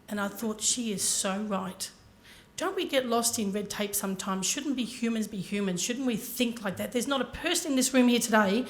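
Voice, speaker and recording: A woman giving a motivational talk to a conference audience, telling her story earnestly and speaking directly to the listeners. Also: mid-range voice. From Ireland.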